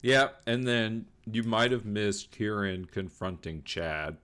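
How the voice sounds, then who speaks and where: A man's voice: fairly low pitch, expressive, slow pace, a bit bright, slight background noise. A man chatting casually as a player in a tabletop game, laughing often and acting out his character's lines.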